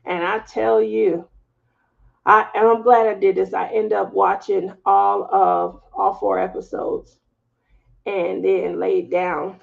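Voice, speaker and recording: Gravelly Southern woman chatting casually. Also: medium pitch, level tone, takes it slowly. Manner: chatty, laughing, storytelling asides. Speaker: craft channel host. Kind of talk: casual live-stream chat. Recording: slightly dull lo-fi audio.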